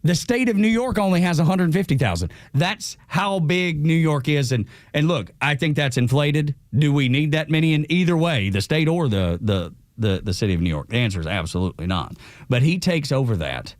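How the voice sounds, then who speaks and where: A man co-hosting a morning radio show, talking in an animated, opinionated way. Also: fairly high pitch, fairly quick, dry recording. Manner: animated, opinionated, repeats himself. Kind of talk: casual radio banter. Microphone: studio mic.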